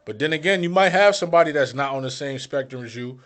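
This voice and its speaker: A man chatting casually as a podcast co-host, speaking relaxed slang and chiming in with quick agreement. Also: a little high. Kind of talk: casual chat.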